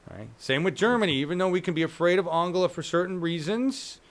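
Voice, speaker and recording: A chatty male host who talks about politics in a loose, profane way and keeps checking in with "right?". His voice sits a bit higher than most men's. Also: quick pace, slight background noise. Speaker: show host. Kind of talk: casual political chat.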